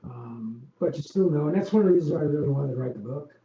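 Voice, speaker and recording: Gravelly older man telling stories. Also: a little high, expressive, quick pace, warm tone. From Long Island, New York. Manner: rambling, many ums and restarts. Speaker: interview guest, former arena executive. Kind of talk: casual interview storytelling. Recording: dull, roomy podcast audio with faint noise.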